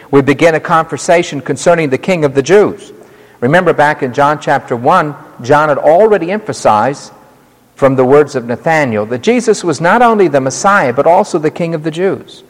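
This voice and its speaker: A man preaching a sermon, acting out the voices of the scene with a dramatic delivery, slowing down on key words. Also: fairly high pitch. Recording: reverberant hall.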